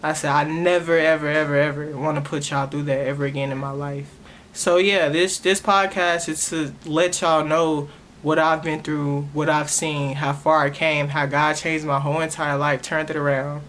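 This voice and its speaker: A woman's voice: sits low, little pitch movement, moderate pace, a bit bright, a little hiss or hum. A young woman, hosting her own podcast and sharing a personal testimony in an earnest, emotional way, often stopping and restarting her words. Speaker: podcast host.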